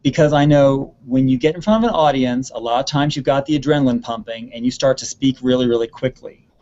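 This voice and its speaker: A man answering student questions about performing, in an earnest, steady voice with a middle pitch. He doubles words for emphasis ("really, really careful"). The web call audio is muffled and lo-fi. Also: brisk, a little hiss or hum. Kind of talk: advice in an online Q&A. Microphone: video call.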